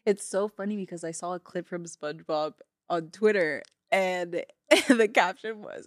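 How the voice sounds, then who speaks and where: A young woman in casual podcast chat, telling stories in a lively, giggly way. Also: on the low side, normal speed, hardly any pauses, no echo, studio quality. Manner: animated storytelling, giggly.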